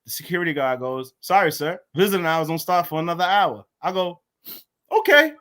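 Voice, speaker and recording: A man telling a personal story in lively, emotional style, acting out the voices of others and laughing often. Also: fairly high pitch, quick pace. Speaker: guest, motorcycle club president. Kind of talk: animated storytelling.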